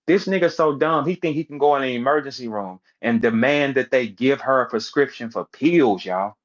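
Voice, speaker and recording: A man in a heated, profane casual rant, telling stories and acting out other people's voices. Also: medium pitch. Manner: profane, animated storytelling, acts out voices of others. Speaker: online audio room speaker. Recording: dull lo-fi audio stream.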